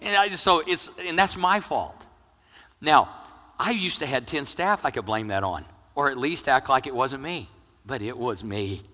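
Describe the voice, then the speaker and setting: Man preaching a lively sermon in a hall. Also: medium pitch, normal speed. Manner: animated, jokey preaching, swinging from loud to hushed. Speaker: pastor.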